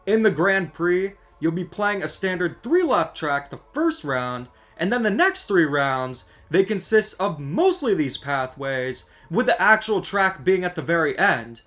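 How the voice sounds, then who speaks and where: A man rants in a scripted gaming commentary, his voice sitting high and leaping around with lively swings of pitch. He sounds exasperated and lays on the sarcasm. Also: a little slow, hardly any pauses. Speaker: gaming video creator.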